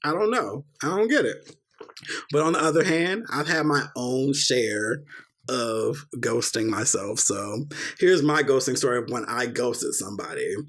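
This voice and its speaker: A young man hosting a podcast, telling a personal story in a casual, animated way, acting out quoted dialogue and swearing freely. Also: medium pitch, unhurried. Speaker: podcast host.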